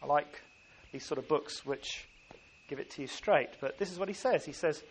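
An earnest man delivering a sermon in a slightly higher voice. He speaks with emphasis and often circles back to restart his phrases. A faint hum of ambient noise sits behind him. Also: fairly quick. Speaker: preacher.

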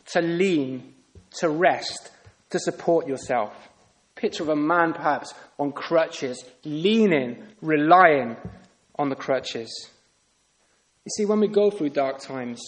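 A man preaching a sermon earnestly, often putting rhetorical questions to his listeners. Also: a little high.

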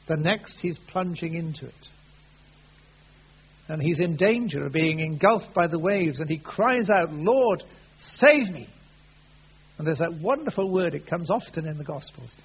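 A man preaching a sermon, earnest, rising loud and then falling soft. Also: a little high, breathy edge. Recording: dull lo-fi sound with faint hum.

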